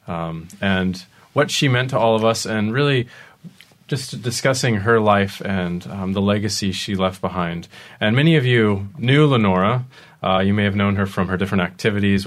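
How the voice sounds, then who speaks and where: A man hosting a studio talk show, easygoing with lots of ums, laughing along with his guests. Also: lowish voice. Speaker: host.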